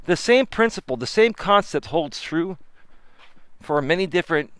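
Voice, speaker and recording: Male life-coach host, casual live-stream talk, emphatic and chatty, smooth voice. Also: on the high side, normal speed, no room sound. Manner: animated, emphatic, talks to chat viewers. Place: walking outdoors with phone.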